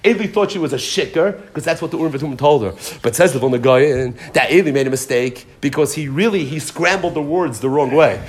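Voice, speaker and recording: A man's voice: a little high, a little fast, few pauses. A man teaching a Talmud and Jewish law class, explaining sources with Hebrew and Yiddish terms mixed into English. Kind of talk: Torah class lecture.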